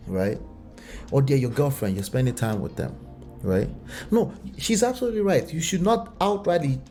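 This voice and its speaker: A man commenting on a relationship video, animated and full of rhetorical questions. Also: medium pitch. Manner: animated, rhetorical questions, slips into acted voices. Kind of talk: reaction commentary.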